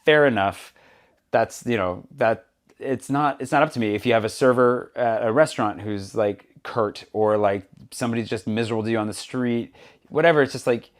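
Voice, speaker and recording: A man's voice: medium pitch, normal speed. A man hosting a podcast, chatting casually and acting out the exchanges in the stories he tells. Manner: animated storyteller, acts out quoted exchanges. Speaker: podcast host. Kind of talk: casual conversation.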